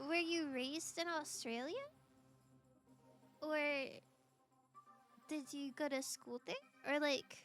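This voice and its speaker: A young woman with an American accent chats and giggles through a game stream, answering viewers as she plays. Her voice is high and bright. Soft game music sits faintly behind her. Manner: chatty, giggly, reading and answering chat. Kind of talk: casual game-stream chat.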